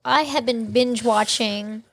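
Animated swearing woman in her thirties. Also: on the high side, slow pace. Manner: animated, swears freely, laughs often. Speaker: podcast co-host. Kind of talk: casual chat.

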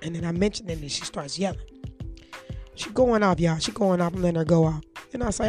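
A woman's voice: lowish voice, fairly quick, warm tone, faint music behind. A young woman telling a story to her viewers, blunt and profane, speaking straight to her audience. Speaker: vlogger. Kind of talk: casual storytime chat.

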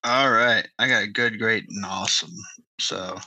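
An upbeat man chatting casually as a podcast co-host. His low voice has a gravelly edge and a bright, sharp tone. The sound is dry, with no room echo. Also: fairly even intonation, unhurried. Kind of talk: casual chat.

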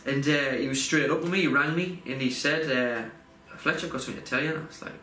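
A man's voice: medium pitch, fast talker, pushed and bright, soft background music. Man in casual, heartfelt chat. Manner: rambling, heartfelt, frequent fillers and restarts. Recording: roomy echo, faint background noise.

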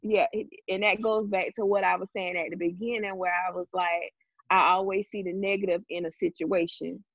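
A woman's voice: on the low side, little pitch movement, normal speed, a bit bright, no room sound, muffled recording. A married woman in casual chat, speaking in a thoughtful, self-reflective way.

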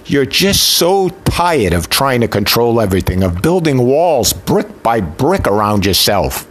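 A man's voice: medium pitch, sing-song, a little slow, hardly any pauses. A man preaching a sermon with an impassioned, emotional delivery built on rhythmic repetition. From Italian heritage.

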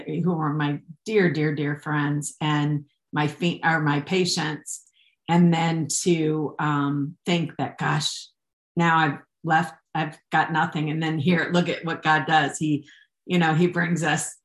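Low-voiced woman in an echoey room. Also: little pitch movement, slow pace. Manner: earnest, rambling with restarts, emotional. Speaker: podcast guest. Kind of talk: casual faith conversation.

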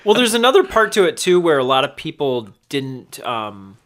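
A man's voice: on the high side, sing-song, moderate pace, a bit bright. A man co-hosting a casual chat, telling stories in a rambling way and going off on tangents. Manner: rambling storyteller, goes off on tangents. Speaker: podcast co-host.

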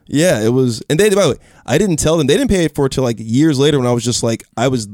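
Young male guest, rapid animated storyteller, quotes people in a higher voice. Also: no echo, clean studio sound. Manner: animated, acts out quotes in raised voice, swears. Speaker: podcast guest. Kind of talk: casual storytelling.

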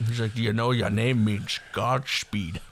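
A man co-hosting a podcast, retelling movie scenes in casual, profane chat, laughing often and slipping into quick impressions of the characters. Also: fairly low pitch, fairly even intonation, a little hiss or hum. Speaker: podcast co-host.

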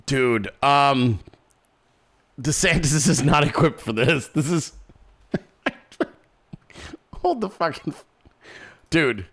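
A man giving profane, mocking reaction commentary on a political debate, swinging between low mutters and loud outbursts.

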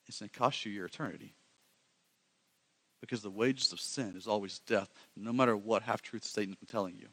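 A male pastor preaching a sermon, animated and quick, swinging from loud emphasis to hushed lines. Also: lowish voice, slightly rough.

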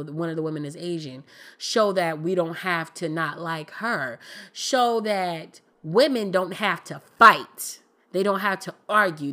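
A woman's voice: fairly low pitch, a bit bright. A woman hosting a podcast, giving her candid, emphatic opinions in a casual conversational style with colloquial speech. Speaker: podcast host.

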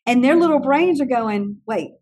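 Husky-voiced woman telling animated stories. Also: on the high side, normal speed. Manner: animated, acts out other people's lines. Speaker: teacher trainer and classroom consultant. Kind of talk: conversational interview storytelling.

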